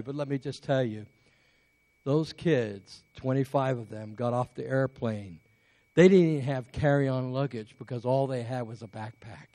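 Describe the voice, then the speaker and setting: A man's voice: mid-range voice, mellow, dry recording. A man from England preaching a sermon as a pastor, telling a story with many restarts and building up to emphatic calls to persevere.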